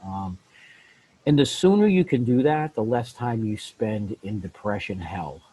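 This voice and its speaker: A middle-aged man talking candidly as a podcast guest, blunt and animated, laughing often and acting out little scenes. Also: fairly low pitch, a little slow, husky, poor audio. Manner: animated, blunt, laughs often, acts out voices in his stories. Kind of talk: candid conversational self-help talk.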